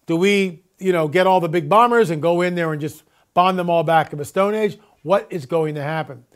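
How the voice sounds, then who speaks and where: Guy with a pretty high voice ranting on his own show, lots of are-you-kidding-me questions, drags out his catchphrases. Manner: repeats catchphrases, rhetorical questions, drawn-out stresses. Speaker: host of own video report. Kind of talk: emphatic commentary monologue.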